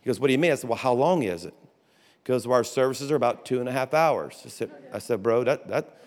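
A man's voice: mid-range voice, animated, quick pace. A man pastor, telling folksy stories in a sermon full of restarts and asides. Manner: folksy storytelling with restarts and laughter. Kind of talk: conference sermon. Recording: long hall reverb.

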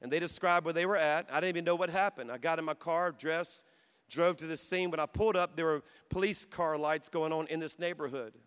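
High-voiced preacher man in a reverberant hall. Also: steady tone, fairly quick, smooth. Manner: storytelling preacher who builds to loud, emphatic exhortation and calls to the crowd. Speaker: pastor. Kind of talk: sermon. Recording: long reverb of a large hall.

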